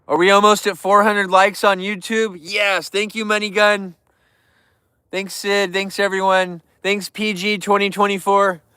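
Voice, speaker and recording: A man's voice: sits high, flat delivery, measured pace, bright, forceful tone, clear, resonant tone, no room sound, clean studio sound. A man hosting a casual livestream, chatting and joking in a goofy, youthful-sounding voice. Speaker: livestream host.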